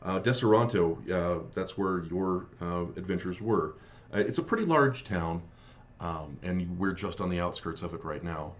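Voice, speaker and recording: A man running a tabletop game as game master, narrating in a halting way as he searches for words. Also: sits low, animated, muffled recording.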